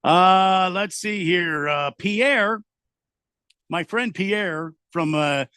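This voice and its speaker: Male radio host, slightly high voice, laid-back and rambling, dry booth sound. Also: drawn-out words, bright, forceful tone, clear, resonant tone, dry recording. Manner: loose, easygoing, many fillers and restarts. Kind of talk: casual radio chat, reading listener messages. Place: home studio in Arizona.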